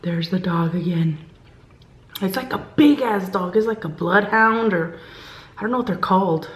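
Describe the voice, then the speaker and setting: A woman vlogger with a mid-range voice chats at a normal speed, casually recounting a work story and acting out what people told her. She quotes others with animation and sinks into a hushed whisper at tense points. The room sounds echoey.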